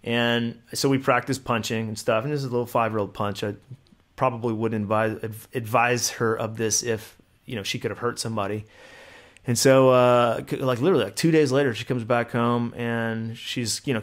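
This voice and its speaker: A man in his thirties tells a long personal story in a loose, rambling way. His voice sits at an ordinary middle pitch. The pace is conversational, with plenty of restarts. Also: fairly quick. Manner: rambling, animated anecdote telling with laughs. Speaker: podcast co-host. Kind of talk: casual chat, storytelling.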